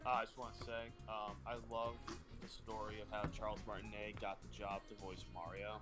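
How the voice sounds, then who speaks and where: A man telling stories in an animated way and swearing freely while chatting on a game stream over a phone. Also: lowish voice, fairly quick, music in the background. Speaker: stream co-host. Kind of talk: casual chat over gameplay. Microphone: phone over voice chat.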